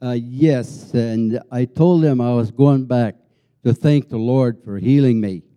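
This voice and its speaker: Guy playing a humble healed leper in a church skit, slow and fervent, real warm dark voice. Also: mid-range voice, smooth, lightly acted. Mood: earnest. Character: grateful healed leper man, humble and devout.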